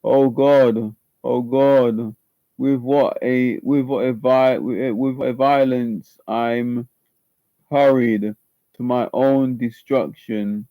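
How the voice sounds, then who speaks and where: A man performing an audition monologue as a tormented young man fighting a guilty love, halting and stumbling over words. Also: medium pitch, steady tone, no room sound. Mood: anguished. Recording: slightly muffled lo-fi recording.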